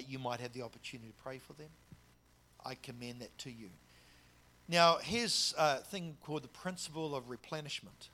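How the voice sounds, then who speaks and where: A man preaching a sermon, emphatic, swinging between loud stressed words and soft asides, sometimes drawing out key words. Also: medium pitch, a little hiss or hum.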